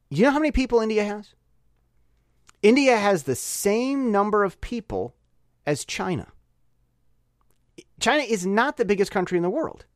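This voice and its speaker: A male vlogger talks off the cuff in a rambling, opinionated way, often stumbling and restarting his sentences. His voice sits a bit high and swings widely in pitch. The sound is dry and close. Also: no room sound. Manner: rambling with frequent restarts and repetitions; opinionated, animated. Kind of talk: casual spoken commentary.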